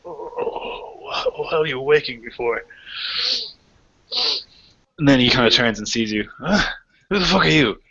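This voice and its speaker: A man voicing a gruff chieftain, Ostvig. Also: medium pitch, lively intonation, measured pace, pauses often, sharp tone, pitched above the performer's own voice, full character voice. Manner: coarse, curses bluntly. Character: gruff hungover chieftain, grieving father. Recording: lo-fi, dull recording.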